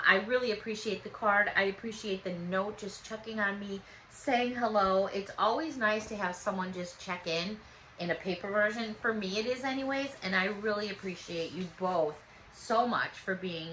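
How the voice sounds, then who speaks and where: A woman's voice: lowish voice, a little hiss or hum, rough recording. A woman in her fifties chatting casually and gratefully as she opens fan mail. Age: 50s. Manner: warm, gushing, chatty and thankful. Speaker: vlogger opening fan mail. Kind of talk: casual chat.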